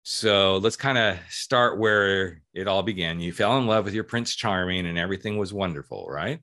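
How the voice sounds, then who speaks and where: A man's voice: deep voice, moderate pace, pushed and bright. A man from California in his forties hosting a podcast, earnest and chatty with rambling asides. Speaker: podcast host. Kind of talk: casual podcast chat.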